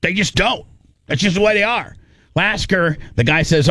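A man's voice: sits high, moderate pace, sharp tone, dry recording. A man telling a long funny story in casual chat, rambling and acting out the people in it. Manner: rambling, acts out quotes, laughs while telling.

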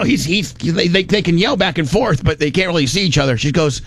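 A man's voice: fairly high pitch, fairly quick, fairly bright tone, no room sound. A middle-aged man from Indiana telling a long casual story, rambling with many restarts and salty words.

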